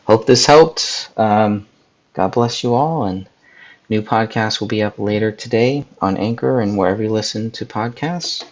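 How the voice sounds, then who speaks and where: A man's voice: on the low side, normal speed, highs cut off. A man hosting a live editing tutorial, casually talking viewers through each step and speaking to people in the live chat. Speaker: podcast host.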